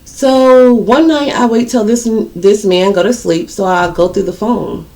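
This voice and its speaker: A woman at a middling pitch tells a personal story straight to her viewers. She talks bluntly and loosely, full of slang and profanity. She repeats words to drive her points home. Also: a little slow, darkish tone. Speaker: storytime vlogger.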